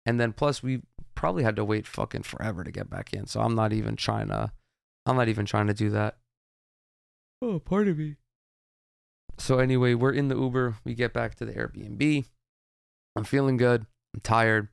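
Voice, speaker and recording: A man's voice: mid-range voice, moderate pace, vocal fry, pauses often, clean tone, dry recording, clean studio sound. A young man hosting a podcast, telling a rambling, profane story in a casual monologue. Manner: rambling, profane, with frequent restarts. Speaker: podcast host.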